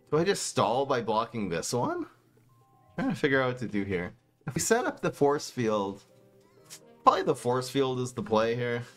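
A man giving casual commentary as he plays a card game, swinging between low muttering and exasperated outbursts. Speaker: gaming streamer.

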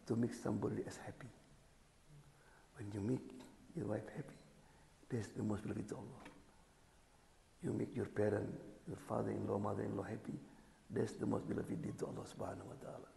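A man preaching as an imam, animated, acting out little dialogues and checking in with his listeners. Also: mid-range voice, creaky, slight background noise. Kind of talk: sermon. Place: community hall or mosque. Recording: echoey hall.

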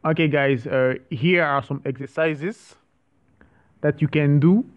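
Slow, deliberate man teaching French. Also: on the high side, fairly even intonation, highs cut off. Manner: slow and deliberate, repeating each French word; hesitant, with frequent restarts. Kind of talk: online language lesson.

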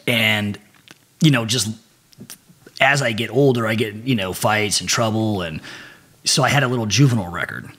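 Husky man telling stories, swearing freely. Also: lowish voice, moderate pace, long pauses. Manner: profane and animated. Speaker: podcast guest. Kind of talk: casual storytelling.

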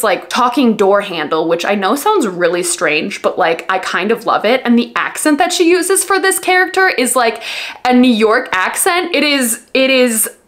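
A woman's voice: medium pitch, a bit bright. A woman chatting casually in a book vlog, gushing and full of fillers. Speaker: book vlogger. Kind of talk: casual reading vlog chat.

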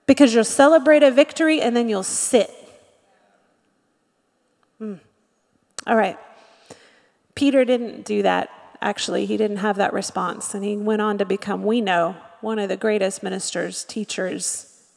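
Woman pastor, high voice, animated sermon with acted quotes, long hall reverb. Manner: lively preaching with acted-out quotes and frequent "Amen?". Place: church sanctuary.

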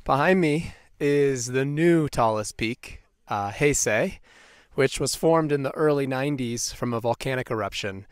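A man's voice: medium pitch, unhurried, smooth, no echo, clean studio sound. A man narrating a hiking vlog outdoors on a forest mountain trail, upbeat and descriptive, pointing out the sights as he walks. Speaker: travel vlogger.

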